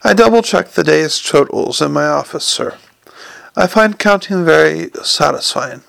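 Guy voicing a stiff formal clerk, calm and clipped, gravelly. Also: a little high, a little slow, no room sound, heavily acted.

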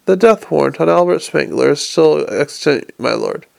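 A man's voice: on the high side, moderate pace, creaky, dry recording. A man doing a murmuring, dutiful secretary. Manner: soft murmur. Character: quiet, dutiful male secretary, unimaginative.

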